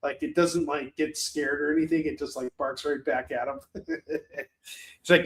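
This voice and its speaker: Laid-back, swearing streaming host. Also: male voice, on the high side, fairly even intonation, moderate pace, a bit bright. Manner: loose, laughing, swears freely. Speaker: live shopping show host. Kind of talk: casual livestream chat.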